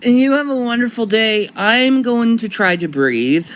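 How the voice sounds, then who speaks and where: Woman vlogger, breathless, swears freely, slow rambling monologue. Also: a little high, animated, a little hiss or hum, low-quality recording. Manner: rambling, profane, with frequent restarts and laughter. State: short of breath. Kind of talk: rambling casual vlog monologue.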